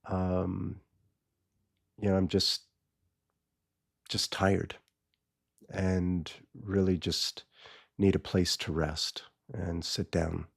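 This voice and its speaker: A man voicing a weary, frail old man who is toothless and tired, speaking low and quietly in a grumbling paraphrase. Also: flat delivery, drawn-out words, gravelly, pauses often, breathy edge, heavily acted.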